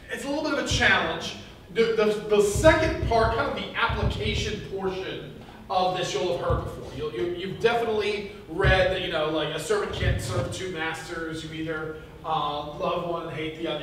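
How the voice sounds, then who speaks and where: In a church hall, a high-voiced man preaches a casual sermon, chatting in a rambling way full of fillers and restarts and laughing as he tells a joke. He's captured from far off in the echoey room, with a little background noise.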